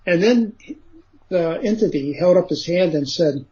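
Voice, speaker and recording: A man's voice: high voice, normal speed, a little mellow. A man, a guest on an interview show, recounting a story at length in a rambling way, full of fillers and "he says" asides. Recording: dull lo-fi radio recording.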